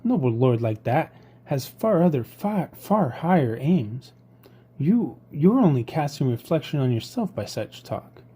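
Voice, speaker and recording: A man's voice: fairly high pitch, expressive, normal speed, mellow, breathy edge. A man voicing a fussy, polite young male squirrel in a storybook reading, chattering eagerly and scolding.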